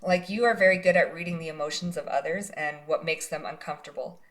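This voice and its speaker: A woman's voice: deep voice, fairly even intonation, fast talker, fairly bright tone. Chatty woman doing a tarot reading. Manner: casual, chatty, often tags lines with "right?" and "like"; encouraging, speaks directly to the viewer as "you". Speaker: psychic tarot card reader. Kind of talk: pick-a-card tarot reading to viewers.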